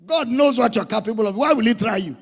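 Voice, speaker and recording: Animated Nigerian pastor, high gravelly voice. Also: male voice, fast talker. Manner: dramatic, animated, calls out to the congregation. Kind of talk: sermon. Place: church. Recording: echoey hall.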